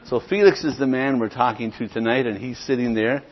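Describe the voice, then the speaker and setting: A man's voice: mid-range voice, steady tone, a little fast, lo-fi sound. A man teaching a church class on sharing the gospel, plainspoken and acting out both sides of sample conversations. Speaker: church evangelism trainer.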